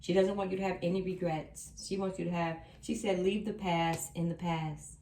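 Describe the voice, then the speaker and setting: Reading tarot for an audience, she talks at a normal speed in a lowish, warm voice that stays steady, offering emphatic reassurance and repeating key phrases. A little hiss or hum sits under the recording, which sounds roomy from a distant mic.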